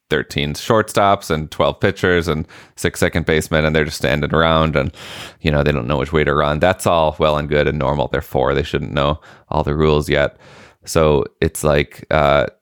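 A man's voice: a bass voice, clear, resonant tone, dry recording, clean studio sound. A man in his late thirties, a podcast co-host, telling a family story in casual chat and acting out the quotes. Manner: animated storytelling, acts out quotes.

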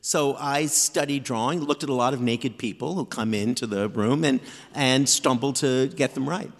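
A man in his fifties, an author guest in a live stage interview, telling self-deprecating stories in an animated way. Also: mid-range voice, moderate pace. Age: 50s. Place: theater stage before live audience. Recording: long hall reverb from stage.

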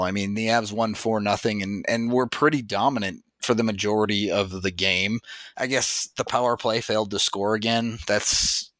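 A man hosting a podcast, talking through a game in a casual, measured way. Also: on the low side, a bit bright, no echo. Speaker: podcast host. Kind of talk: casual sports analysis chat.

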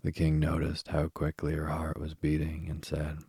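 A man narrating a bedtime story softly and soothingly, close to the mic. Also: rumbling low, completely flat delivery, slightly rough, no room sound. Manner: slow, soft-spoken, soothing.

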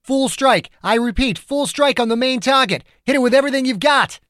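A man voicing a male military commander who shouts orders in battle. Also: sits high, lively intonation, brisk, no room sound, clean studio sound, voice pushed up. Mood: urgent.

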